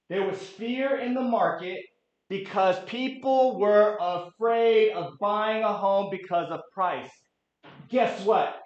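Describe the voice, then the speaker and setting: A man in his late thirties presenting a real estate market update to a room, energetic and quizzing the audience. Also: high-pitched, slow. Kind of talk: interactive office presentation. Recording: echoey room, dull lo-fi sound.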